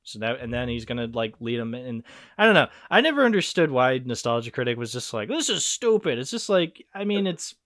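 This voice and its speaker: A man's voice: medium pitch, fairly quick, dry recording, studio quality. A man hosting a casual film podcast, talking animatedly and swearing freely. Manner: animated, swearing, quoting film lines in put-on voices. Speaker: podcast host.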